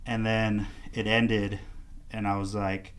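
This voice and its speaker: A man's voice: on the low side, level tone, slow. A man in his thirties from Southern California, a guest artist telling his story in casual, slangy chat and acting out the voices of people he quotes.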